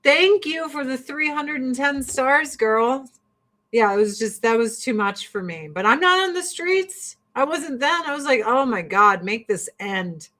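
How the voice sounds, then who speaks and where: A woman hosting a livestream, chatting casually in a blunt, profane, animated ranting way with frequent laughter. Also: high voice, unhurried. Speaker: livestream host.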